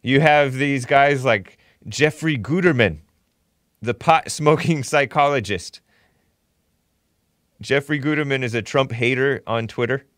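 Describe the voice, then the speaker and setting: A man's voice: medium pitch, a little slow, pauses often, fairly bright tone, no echo, clean studio sound. A man hosting a talk show, giving opinionated commentary with a mocking tone and frequent chuckles. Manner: mocking, chuckles often while reading posts.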